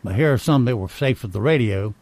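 A man's voice: medium pitch, lively intonation, brisk, darkish tone, no echo. A man hosting a radio show, reading poll results and fun facts in casual banter, with dry little asides. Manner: wry, reads items aloud with dry asides.

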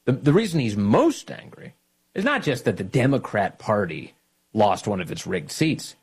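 A husky man hosting political talk radio, his pitch swinging widely as he mocks and jabs. He talks in a combative, sneering commentary style. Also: moderate pace. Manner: mocking, combative, animated delivery. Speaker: radio host.

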